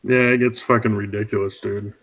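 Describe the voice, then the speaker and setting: A man's voice: lowish voice, steady tone, fairly quick, fairly bright tone, low-quality recording. A man co-hosting a podcast, retelling a film's plot in a loose, rambling way, swearing often and calling his friend "dude". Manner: rambling, profane, says "dude" a lot. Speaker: podcast co-host. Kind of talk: casual chat.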